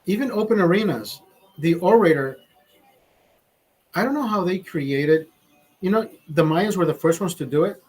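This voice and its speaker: A man with a husky, slightly higher-pitched voice chats casually from a studio, swearing freely. He wanders through his stories with frequent restarts and asides, unhurried and informal. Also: expressive, a little mellow, rough recording. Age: adult, father. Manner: profane, restarts often, storytelling. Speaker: show host. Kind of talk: casual rambling chat.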